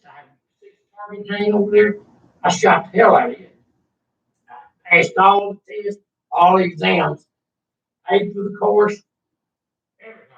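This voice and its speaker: Agitated, profane man, high voice. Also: vocal fry. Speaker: interviewee recounting a UFO encounter. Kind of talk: rambling storytelling to an interviewer. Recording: echoey room, far from the mic, dull sound.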